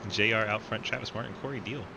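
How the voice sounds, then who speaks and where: A man's voice: on the low side, steady tone, fast, vocal fry, background noise. A man calling a sim racing event as commentator, casual and joking, laughing often. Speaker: race commentator.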